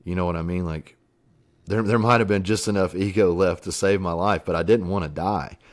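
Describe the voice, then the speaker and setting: Middle-aged guy on a podcast, really low voice, earnest, swears a bit, lots of likes and you knows. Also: fairly even intonation, a little fast. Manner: earnest, reflective, swears casually, many fillers. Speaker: podcast guest. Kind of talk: candid interview storytelling.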